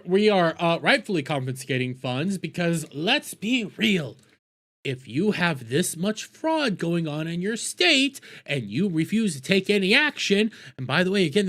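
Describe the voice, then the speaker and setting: A man's voice: high voice, a bit bright. A man giving profane, combative reaction commentary, ranting back at news clips he plays. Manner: combative, ranting, heavy swearing.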